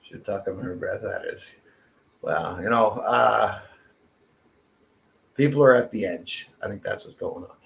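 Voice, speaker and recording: A man's voice: fairly low pitch, unhurried, gravelly, pauses often. A Canadian man ranting in a casual podcast chat, swearing constantly. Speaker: podcast co-host. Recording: echoey room.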